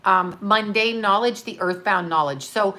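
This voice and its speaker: A woman's voice: mid-range voice, measured pace, sharp tone. A woman chatting casually on a livestream as a psychic medium, answering viewer questions bluntly, swearing freely and laughing often. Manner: talks straight to her chat, reads out comments and riffs.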